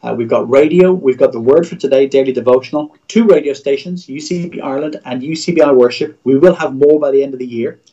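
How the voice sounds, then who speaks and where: A man's voice: medium pitch, fast, hardly any pauses, warm tone. Earnest preaching man on dull audio. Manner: earnest, preacher-like exhortation with repeated phrases. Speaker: Christian radio executive guest. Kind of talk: livestream interview.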